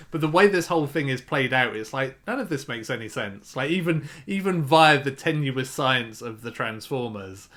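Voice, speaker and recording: A man's voice: a little high, expressive, moderate pace, few pauses, fairly bright tone. A man co-hosting a podcast in casual chat, rambling and repeating words as he works through a point. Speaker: podcast co-host.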